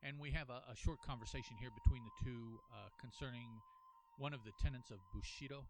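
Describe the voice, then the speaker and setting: Halting, lively-voiced man reviewing a comic. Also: medium pitch, noisy background. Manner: halting, thinking aloud with frequent restarts; earnest and apologetic. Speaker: podcast host reviewing a comic. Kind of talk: casual solo comic book review.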